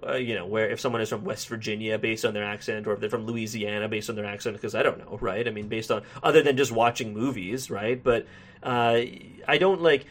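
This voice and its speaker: A man's voice: mid-range voice, a bit bright. Rambling man reviewing films. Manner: rambling, self-deprecating, laughs often. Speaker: podcast film reviewer. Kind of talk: casual spoken movie review. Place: Toronto, Canada.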